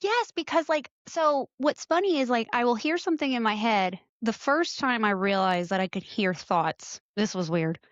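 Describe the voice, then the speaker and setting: A middle-aged woman hosting a podcast, telling stories in an animated way with lively quoted asides. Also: on the high side, moderate pace, few pauses, no echo. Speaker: podcast host. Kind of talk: casual chat. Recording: dull lo-fi sound.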